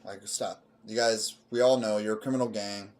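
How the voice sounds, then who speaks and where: A man's voice: fairly low pitch, fairly even intonation, normal speed, noisy background. A man co-hosting a podcast in casual chat, emphatic and profane as he riffs on movies. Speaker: podcast co-host.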